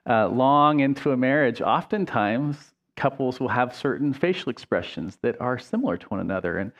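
A middle-aged man, a pastor, preaching a conversational sermon in a casual, chatty way, full of ums and quick self-corrections. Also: medium pitch, lively intonation, a bit bright, muffled recording.

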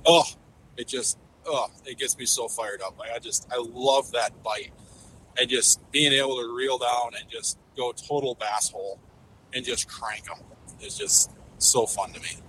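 A man's voice: medium pitch, moderate pace, pushed and bright, slight background noise, rough recording. A man, a fishing guide, talking in a casual podcast interview, enthusiastic and rambling with lots of fillers and restarts.

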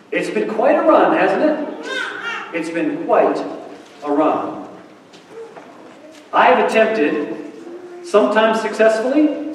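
Guy pastor preaching in a church, kinda playful and chatty, heard from far off in a big echoey hall. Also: sits high. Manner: conversational and playful, with repeated emphatic phrases. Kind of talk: sermon. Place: church sanctuary. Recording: echoey hall from far off, faint background hum.

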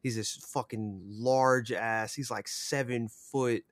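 A man's voice: mid-range voice, steady tone, slow pace, no echo. Rambling young man telling a story. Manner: rambling, heavy swearing and fillers. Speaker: podcast guest. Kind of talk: casual storytelling.

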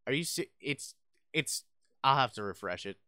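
A young man chats about consoles and games with his co-host, reacting easily and swearing now and then. His voice is bright and smooth. The recording is dry and close. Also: mid-range voice, lively intonation, normal speed, no echo. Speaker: podcast co-host. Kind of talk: casual gaming chat.

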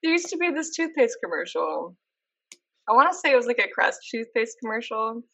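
A woman's voice: a little high, big pitch swings, brisk, creaky, pushed and bright, highs cut off. A young woman chatting casually as co-host, emphatic and enthusiastic. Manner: enthusiastic, emphatic fan talk. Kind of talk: casual chat.

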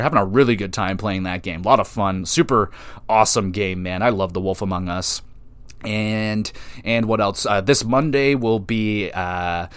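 Casual, excitable man hosting a podcast. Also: lowish voice, no room sound. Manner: casual, profane and excitable, thinking aloud. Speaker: podcast host. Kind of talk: solo wrestling podcast predictions.

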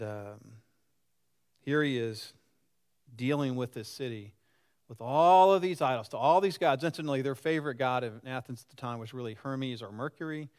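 A pastor in his sixties gives a conversational sermon and often puts questions to the congregation. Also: medium pitch. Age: 60s. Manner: lively and animated.

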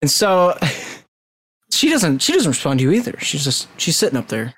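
A man hosts a podcast, spinning an improvised comic tale. He rambles, trips over his own restarts and laughs constantly. His pitch swoops all over the place. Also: huge pitch swings, moderate pace, a bit bright, husky. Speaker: podcast host running an improvised story game. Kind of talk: comedic improvised narration.

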